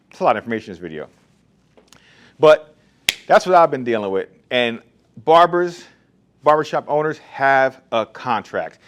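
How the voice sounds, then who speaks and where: A man's voice: medium pitch, expressive, normal speed, pauses often, slight background noise. Blunt, no-nonsense barbershop owner man. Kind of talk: casual straight-talk monologue.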